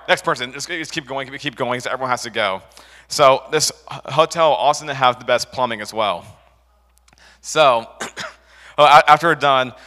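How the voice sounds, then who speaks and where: Young guy preaching loosely, lots of "like"s, bright voice, echo of a big hall. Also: medium pitch. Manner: rambling, filler-heavy storytelling with restarts. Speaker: youth preacher. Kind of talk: casual sermon with a personal story.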